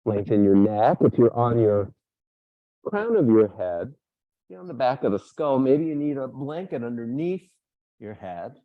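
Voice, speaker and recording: A man who is a yoga teacher, explaining hamstring anatomy to a class and then slowly guiding them through a strap stretch. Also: medium pitch, animated, narrow, tinny audio. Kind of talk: yoga workshop instruction.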